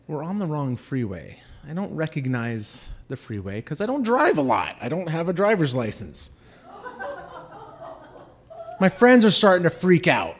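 A man's voice: a little high, normal speed, hardly any pauses. A man from Southern California telling a personal story, acting out the voices of the people in it. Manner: animated, acts out quoted voices.

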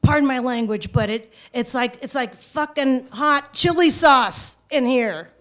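A woman's voice: high-pitched, a little slow, fairly bright tone. A woman quoting a confused man who is lying on the sidewalk in pain, in her own voice, rambling and distracted.

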